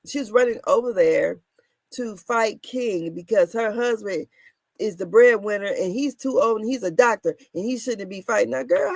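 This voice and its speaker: A woman in her thirties casually recapping reality TV drama, animated and laughing, her voice swinging between loud and soft. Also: on the high side, no room sound. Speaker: commentary show host.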